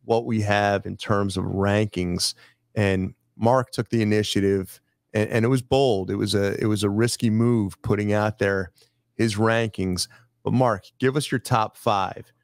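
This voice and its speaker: Guy hosting a studio chat, kinda low voice, quick and jokey, dry close sound. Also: steady tone, no room sound. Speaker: host. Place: studio filled with sports memorabilia.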